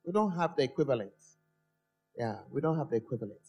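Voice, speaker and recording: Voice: mid-range voice, expressive, fast talker, a little mellow, breathy edge, soft background music. A preacher giving a sermon in a church, stretching key words and putting questions to the congregation.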